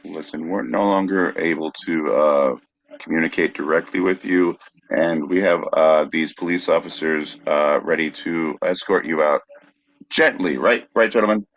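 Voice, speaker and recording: A man's voice: very deep voice, moderate pace, muffled recording. A man co-hosting a live comedy podcast, playing the dry straight man in a bit. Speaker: podcast co-host.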